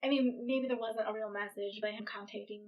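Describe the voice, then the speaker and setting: A woman co-hosting a podcast, chatting casually and reassuringly, somewhat soft-spoken. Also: mid-range voice, fairly even intonation, a little fast, highs cut off. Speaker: podcast co-host. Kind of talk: casual chat.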